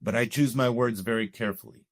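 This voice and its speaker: A man's voice: mid-range voice, fast, no echo. A man sharing a heartfelt personal testimony as a guest in a conversation, telling it earnestly. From Canada. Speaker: guest sharing his story.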